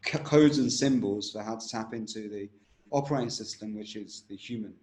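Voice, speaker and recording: A man's voice: on the low side, fairly quick, darkish tone. A man teaching a breathwork technique in a conversation, explaining steps and demonstrating chanted tones. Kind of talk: instructional conversation. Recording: roomy echo.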